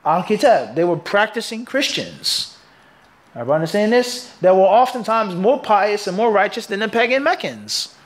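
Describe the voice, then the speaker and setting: A man with a high voice teaches a hadith class. He talks in emphatic bursts and keeps his students engaged with call-and-response questions, leaving a gap for them to finish each point. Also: expressive, moderate pace. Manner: emphatic, punchy delivery. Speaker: Islamic teacher.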